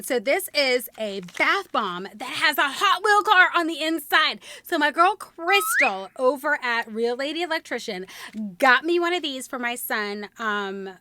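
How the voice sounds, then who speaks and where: A woman hosting an unboxing vlog, gushing and excitable, gasping and squealing over each item. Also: high voice. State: short on sleep. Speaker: DIY channel host.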